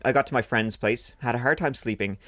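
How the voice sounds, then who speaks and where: A man's voice: medium pitch, fairly quick, fairly bright tone, no echo, soft background music. A man hosting a podcast, reading listener stories aloud and breaking in with crude jokes. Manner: crude joking asides between read passages. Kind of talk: casual podcast banter while reading aloud.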